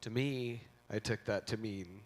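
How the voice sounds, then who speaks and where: Middle-aged man, eulogy speaker, rambling joking storyteller, low voice, convention hall. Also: measured pace. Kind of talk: informal memorial speech.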